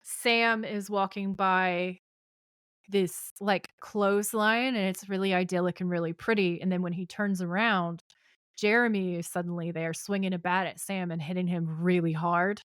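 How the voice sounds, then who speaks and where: A woman with a fairly low voice walks through a TV episode scene by scene. She reads out the dialogue and drops casual asides as she goes. The sound is dry and close. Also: fairly even intonation, normal speed, a bit bright, smooth, dry recording. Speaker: podcast co-host.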